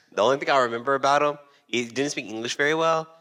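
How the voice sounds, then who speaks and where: A man's voice: mid-range voice, fast talker, pushed and bright. A young man co-hosting a podcast, telling stories in casual chat and acting out the voices of the people he quotes. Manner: joking storyteller who acts out quoted voices. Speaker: podcast co-host.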